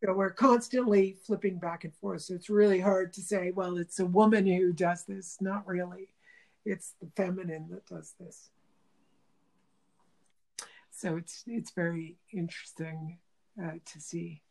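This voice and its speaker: A woman's voice: fairly low pitch, fairly even intonation, measured pace, creaky, darkish tone. A woman workshop teacher talking in a reflective interview, thoughtful and searching for words, often restarting.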